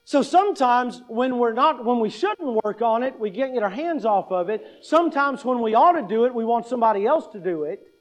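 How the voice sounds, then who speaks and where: Male pastor, high-pitched voice, conversational sermon, rhetorical questions, humorous stories. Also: lively intonation, a little fast, low-quality recording. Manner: conversational, asks the congregation questions; humorous everyday anecdotes.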